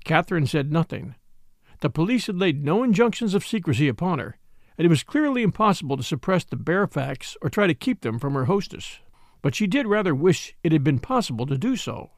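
A man narrating a novel in a scripted reading. His pitch is lively and slightly raised. The recording is close and dry. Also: a little fast, no echo. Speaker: audiobook narrator.

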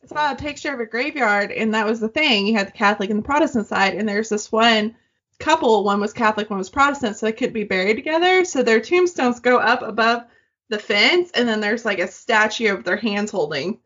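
A woman co-hosting a podcast, reading listener stories aloud in casual, animated chat and swearing freely. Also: on the high side, a little fast. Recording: dull lo-fi sound.

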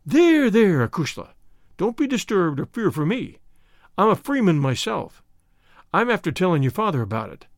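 A man's voice: sits high, big pitch swings, moderate pace, no room sound, clean studio sound. A man reading a story aloud, voicing a bold, defiant young man who protects the woman he loves. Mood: tender.

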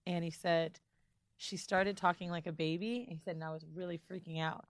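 A woman's voice: fairly low pitch, steady tone, a little fast, dry recording. A woman co-hosting a podcast, chatting bluntly and reading out listener mail. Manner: laughing, blunt banter. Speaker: podcast co-host. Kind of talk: casual chat.

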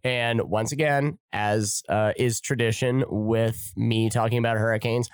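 A male podcast host with a flippant, sarcastic streak and a habit of swearing in his comedic monologue. His voice sits in an ordinary middle pitch, and the sound is dry and close. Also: steady tone, a little slow, smooth, no room sound.

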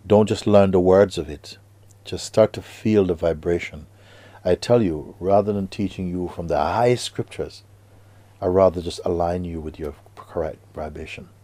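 A man giving a spiritual talk to students, slow and hushed with sudden emphatic rises, and slightly non-native grammar. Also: low-pitched, dry recording. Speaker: spiritual teacher.

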